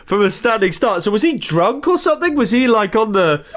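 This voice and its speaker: A man's voice: high voice, big pitch swings, a little fast, a bit bright. A man co-hosting a comedy podcast, teasing his co-host with mock-serious questions. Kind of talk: comedic interviewing banter.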